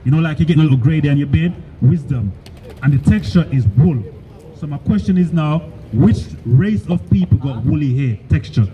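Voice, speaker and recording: A man preaching on a city street, arguing forcefully and calling the other man brother. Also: a little high, lively intonation, moderate pace, muffled recording.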